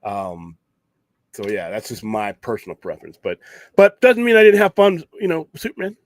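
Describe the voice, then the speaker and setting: This podcast host has a mid-range voice and moderate pace, captured with no echo. He hosts a late-night geek talk show, chatting in a rambling, opinionated way with frequent restarts and occasional swearing.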